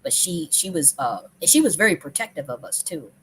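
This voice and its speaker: A woman hosting a live stream tells a personal story emotionally and casually, cursing often while restarting and repeating her sentences. Her low voice is very animated and brisk, with slight background noise.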